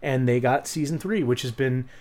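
Male podcast co-host, mid-range voice, excitable, cusses freely. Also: medium pitch, moderate pace. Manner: animated, swears, many restarts. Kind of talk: casual chat.

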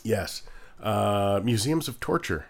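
A man co-hosting a podcast, talking in a halting, hesitant way, casual chat. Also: fairly low pitch, lively intonation, vocal fry. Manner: halting, hesitant, lots of fillers. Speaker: podcast co-host.

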